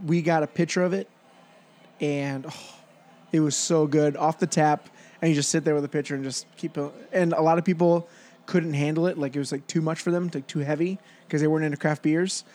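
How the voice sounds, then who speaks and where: A man co-hosting a casual beer review chat, opinionated and quick to laugh. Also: a little high, fairly even intonation, darkish tone. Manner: chatty, opinionated, laughs often.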